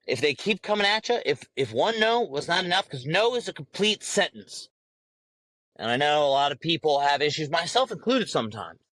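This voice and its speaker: A man ranting on his podcast, swearing freely and lecturing with rising heat. His voice sits a little high for a man. The sound is dry and close, with no room echo. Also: a bit bright. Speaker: podcast host. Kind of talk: profane ranting monologue.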